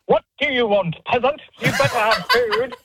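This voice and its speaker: A woman's voice: fairly high pitch, big pitch swings, normal speed, very noisy. A woman voicing a haughty male cat who thinks he is king, speaking in an imperious, demanding way.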